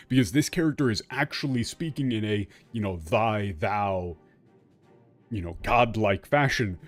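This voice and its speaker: A man streaming a game and translating its dialogue live, talking in a halting way with frequent restarts and casual swearing. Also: mid-range voice, darkish tone, no echo. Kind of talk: live gameplay commentary.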